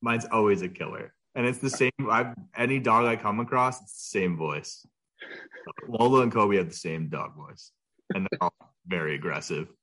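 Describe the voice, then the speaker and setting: A young adult man co-hosting a casual podcast, laid-back and quick to laugh. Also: on the low side, sharp tone. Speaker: podcast co-host.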